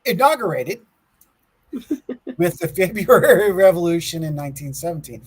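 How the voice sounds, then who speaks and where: On a casual conspiracy podcast, this male co-host reads from his notes, laughing a lot and tripping over his words. His voice sits high and is husky and expressive, moving at a moderate pace, though the audio quality is poor.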